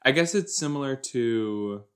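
A young man talks casually as he reacts to a TV episode, rambling and joking between thoughts. His delivery is unhurried, and his pitch swings lively up and down. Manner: chatty, rambling, jokey, puts on silly voices. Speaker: podcast host reacting to a TV episode.

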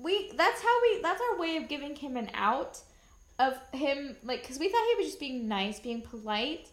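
A young woman co-hosting a podcast, telling a story in an animated way with lots of fillers and laughs. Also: high-pitched, moderate pace, echoey room. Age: young adult. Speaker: podcast co-host. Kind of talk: casual storytelling chat.

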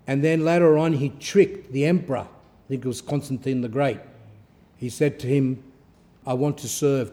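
A man delivers a fervent sermon in a mellow, darker voice. He tells stories, repeats phrases for emphasis, and swings from loud declarations to quiet asides. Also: mid-range voice. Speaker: preacher.

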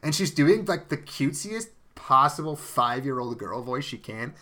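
A man's voice: medium pitch, animated, moderate pace, pushed and bright. A young man co-hosting an anime podcast, ranting sarcastically with plenty of swearing. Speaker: podcast co-host. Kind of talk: casual chat, anime review podcast.

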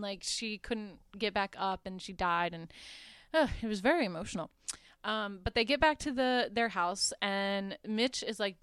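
A woman's voice: fairly high pitch, a bit bright, clean tone, no echo, studio quality. A young woman, chatting casually as a podcast host as she recaps a horror film, full of "like" and little laughs. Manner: chatty, lots of "like" and laughs, acts out quotes.

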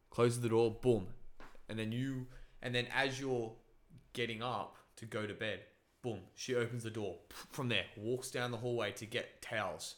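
A man's voice: on the low side, moderate pace. A man in casual chat, animatedly telling a story and musing about whether reality is fake. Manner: animated storyteller, acts out voices.

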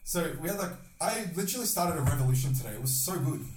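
A young man hosting a podcast, telling a long rambling story with lots of swearing and loudly acted-out quotes. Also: fairly high pitch, lively intonation, fast talker, slight background noise. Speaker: podcast host. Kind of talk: casual storytelling chat. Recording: echoey room, distant mic.

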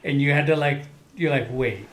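Easygoing guy, mid-pitched voice. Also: normal speed, fairly bright tone. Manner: easygoing, laughs while talking, lots of "like". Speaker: podcast co-host. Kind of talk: casual chat.

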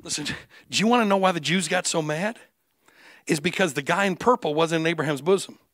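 A man preaching an animated sermon with humor, acting out the voices of figures he quotes. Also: fairly high pitch, a little fast, no echo. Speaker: guest preacher.

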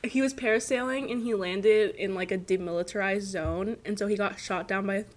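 A woman's voice: mid-range voice, normal speed, a little hiss or hum. A young woman co-hosting a podcast in casual chat, giggly and teasing, swearing freely. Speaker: podcast co-host.

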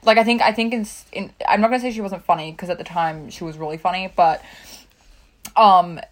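A young woman co-hosting a podcast, chatting casually and rambling, with lots of "like" and swearing. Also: on the low side. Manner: rapid, rambling, full of "like" and swearing. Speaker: podcast co-host. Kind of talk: casual chat.

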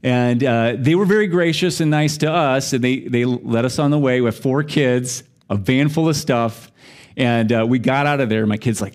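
A middle-aged American pastor with a mid-range, slightly mellow voice preaches at a moderate pace. His sermon is chatty and self-deprecating, and he laughs while telling stories.

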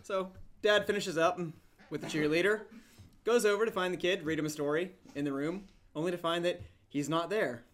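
A man's voice: high-pitched, a little fast, fairly bright tone. A man on a podcast panel, telling a bawdy joke and laughing along at his own lines. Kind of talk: casual podcast chat, telling a crude joke.

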